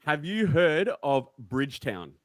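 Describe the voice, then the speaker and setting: A man's voice: on the high side, sing-song, unhurried, fairly bright tone. A man in casual banter who needles a friend, pleading with him and saying man, bro and dude. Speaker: podcast panelist.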